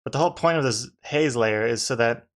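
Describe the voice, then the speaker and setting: A man's voice: mid-range voice, brisk. A man, a comic artist, chatting casually to his live-stream viewers while drawing, rambling and restarting his sentences with dry jokes.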